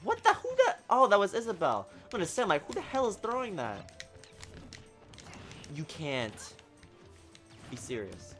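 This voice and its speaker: Male gamer, excitable play-by-play, slightly high voice, bursts from mutters into yells. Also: a little slow, long pauses, music in the background. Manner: excitable, talks at the game, swings from mutters to shouts. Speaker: gaming channel host. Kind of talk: live gameplay commentary.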